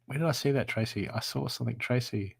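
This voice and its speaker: A man doing live-stream card readings, talking warmly and repetitively to viewers by name. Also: medium pitch, fast talker, creaky, husky. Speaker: psychic reader.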